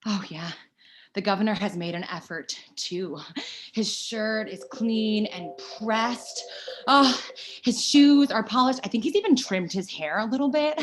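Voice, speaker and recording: A woman performing a comic monologue as a woman daydreaming during a briefing, in a breathy, confessional tone over a video call from home. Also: medium pitch, unhurried, lightly acted. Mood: confessional, dreamy.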